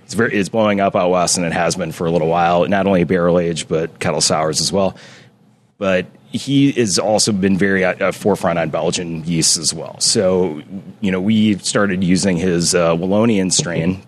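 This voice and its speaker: A man talking as a brewer, rambling and correcting himself as he explains his beers at length. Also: low voice. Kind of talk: casual podcast chat.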